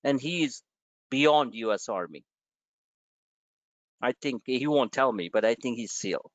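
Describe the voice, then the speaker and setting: A man's voice: mid-range voice, lively intonation, unhurried. A man hosting a live stock-trading webinar, talking in an emotional, impassioned and blunt way, with some swearing. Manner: impassioned, emotional motivational rant. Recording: dull, dry lo-fi webinar audio.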